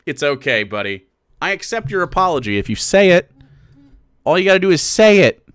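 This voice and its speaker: Heated sarcastic male streamer, high animated voice. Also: fairly quick, clear, resonant tone, no echo, studio quality. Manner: heated, sarcastic, profane, mimics others. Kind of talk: reaction commentary.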